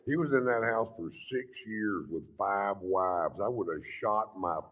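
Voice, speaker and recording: Deep-voiced drawling male stand-up comic. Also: measured pace. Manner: deadpan drawling storytelling, crude punchlines. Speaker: stand-up comedian. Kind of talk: stand-up comedy routine.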